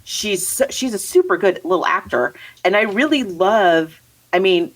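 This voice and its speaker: A woman co-hosts a podcast, chatting casually about movies in a medium-pitched, animated voice at a moderate pace. She rambles and laughs often, and the audio quality is poor.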